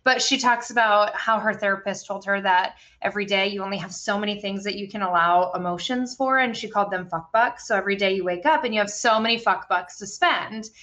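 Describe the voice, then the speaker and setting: In a casual book-club chat on a podcast, a woman in her thirties talks candidly about a parenting book and swears freely. Her mid-range voice is pushed and bright, coming fairly quick with few pauses.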